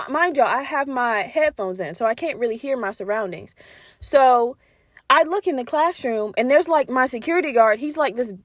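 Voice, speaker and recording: High-voiced animated woman telling a story. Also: no echo, studio quality. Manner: animated, profane, acts out her past reactions. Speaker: podcast host. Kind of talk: casual storytelling.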